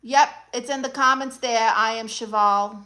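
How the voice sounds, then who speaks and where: A woman with a New York accent hosts a comedic livestream as an aunt character, reading viewer comments and answering with dry, deadpan quips. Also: a little high, moderate pace, poor audio. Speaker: livestream host playing an aunt.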